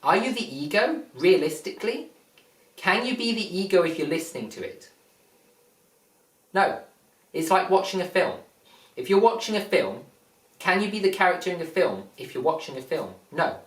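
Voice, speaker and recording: A man giving a slow, repetitive spiritual talk, explaining and asking rhetorical questions. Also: high-pitched, sing-song, a bit bright. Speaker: spiritual teacher. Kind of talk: teaching monologue. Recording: roomy, distant mic.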